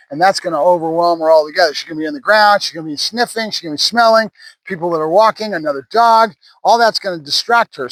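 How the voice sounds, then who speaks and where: A man's voice: on the high side, fairly bright tone, rough recording. A man who works as a dog trainer explains puppy training in a casual way, often adding "right?" as he talks. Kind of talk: casual instructional talk while training a puppy.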